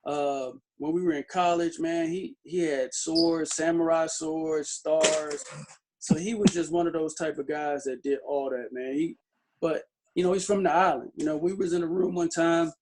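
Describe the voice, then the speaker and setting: A man's voice: a little high, fairly even intonation, moderate pace, darkish tone, a little hiss or hum. A man who is a guest in a casual interview, telling stories loosely with lots of fillers and restarts.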